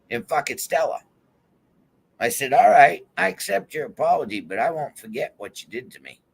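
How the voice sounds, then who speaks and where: A man's voice: a little high, vocal fry, a bit bright, breathy edge. A man on a vlog in a heated, swear-filled rant, calling people out directly. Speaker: YouTube vlogger. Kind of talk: angry profane rant to camera. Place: van.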